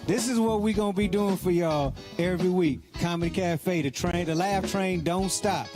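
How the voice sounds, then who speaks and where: A man's voice: high voice, normal speed. A man hosting the show and signing off with an upbeat, partly sung announcement. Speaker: show host. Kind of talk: closing announcement. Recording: clear music behind the voice.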